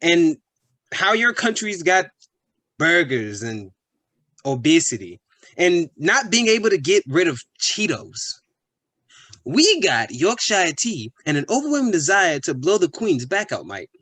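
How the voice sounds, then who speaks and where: A man's voice: a little high, sing-song, a little slow, sharp tone, no echo, exaggerated voice. A man playing a crude, pushy young British bloke with a British accent who is boastful and full of slang. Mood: leering. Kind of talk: comedy sketch acting.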